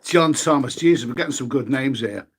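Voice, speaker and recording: A man's voice: mid-range voice, a little fast, breathy edge. A man chatting casually on a live stream, eating as he talks and reading viewer comments aloud. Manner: chatty, eats while talking, swears mildly, reads viewer names aloud.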